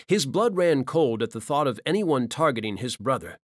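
A male audiobook narrator with a lively, animated delivery that rises and falls through dramatic scenes. The recording is dry and close, with no room sound. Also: mid-range voice, moderate pace, dry recording. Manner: dramatic, expressive. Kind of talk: scripted narration.

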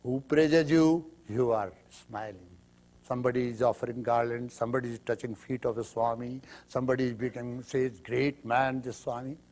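A man's voice: mid-range voice, fairly even intonation, fairly quick, darkish tone. A man giving a spiritual lecture, telling parables emphatically and acting out the quotes. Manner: emphatic storytelling with acted quotes. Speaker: spiritual teacher.

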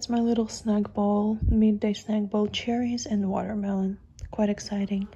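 A woman in her thirties vlogging from home in a candid, reflective chat, with many fillers and soft laughs. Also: medium pitch, level tone, normal speed, muffled recording, over music. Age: 30s. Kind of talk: casual reflective vlog chat. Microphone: camera-mounted shotgun mic.

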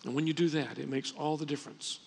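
A man's voice: fairly high pitch, fairly even intonation, quick pace, gravelly, slightly rough. A man preaching a sermon as pastor, in a conversational way with frequent restarts. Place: church sanctuary. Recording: long reverb from a church hall.

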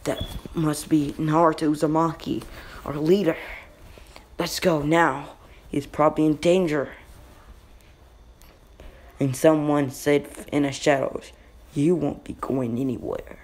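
A man narrating an improvised fan-fiction story in a halting, rambling way with slips. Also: on the high side, level tone.

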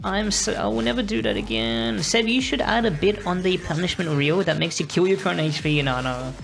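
A woman's voice: on the low side, expressive, fairly quick, gravelly. A young Australian woman streaming a game, chatting to her viewers in a rambling, apologetic way. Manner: rambling, apologetic, talking to chat while playing. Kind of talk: casual live-stream chat.

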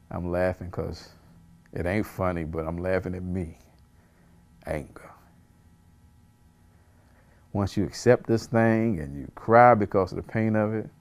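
A man's voice: low-pitched, measured pace, long pauses. A man, a pastor, teaching a Bible study in an earnest way, repeating phrases for emphasis and chuckling at himself.

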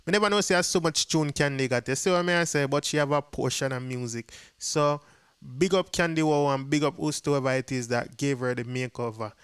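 A man's voice: mid-range voice, brisk, a bit bright, clear, resonant tone, no room sound, studio quality. A man with a Jamaican accent giving a casual commentary to viewers, chatty and mixing patois with English. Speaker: dancehall gossip vlogger.

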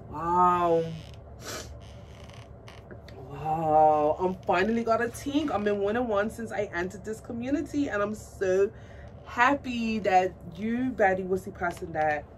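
A woman vlogging about her doll collection in a casual unboxing chat, gushing and excitable, cooing at a doll in baby talk. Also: on the low side. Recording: distant mic with faint background noise.

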